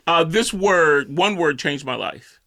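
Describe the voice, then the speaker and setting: A man on a talk show telling animated stories, laughing and acting out the dialogue. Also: a little high, slow pace, gravelly. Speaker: guest. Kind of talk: animated storytelling.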